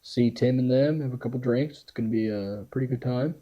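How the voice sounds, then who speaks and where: A young man co-hosting a casual podcast chat, easygoing, with short agreeing replies and quick laughs. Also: mid-range voice, warm tone. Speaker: podcast co-host. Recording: dull lo-fi sound.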